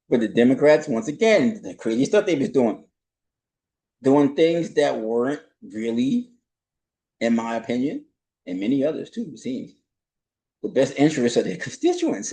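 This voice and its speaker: Male commentator, mid pitch, warm mellow tone, casual talk with rhetorical asides. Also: poor audio. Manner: conversational, asks rhetorical questions and says "right?" a lot. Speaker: political commentator.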